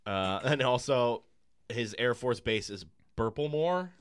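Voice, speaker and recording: A man's voice: medium pitch, animated, unhurried, smooth, no echo. Hesitant man in a dry room. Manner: hesitant, many ums and restarts, laughs easily. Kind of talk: casual film discussion.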